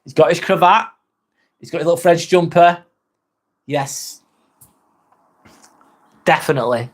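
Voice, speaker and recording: A man's voice: a little high, unhurried. A man with an English accent hosting a casual live stream, reading out chat comments, chatty, swearing casually and laughing often.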